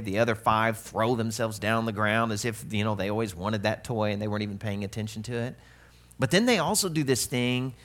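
A man's voice: mid-range voice, a bit bright. A middle-aged man preaching a sermon as pastor, conversational and humorous, with playful asides.

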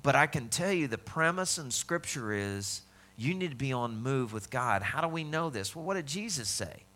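Bright-voiced man preaching. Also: medium pitch, lively intonation, moderate pace. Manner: conversational preaching, acts out quoted voices. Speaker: pastor. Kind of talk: sermon.

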